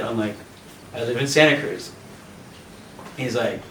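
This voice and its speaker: A man from Canada tells a lively story on a video call, laughing often and acting out voices. He sits back from the mic in a roomy space, with faint hiss underneath. His pitch sits in the middle range. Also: normal speed, pauses often, distant mic. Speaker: yoga teacher and host.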